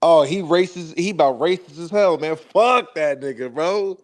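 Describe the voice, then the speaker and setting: A man's voice: fairly high pitch, expressive, normal speed. A man speaking bluntly and profanely as a friend on a call. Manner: blunt, profane, laid-back.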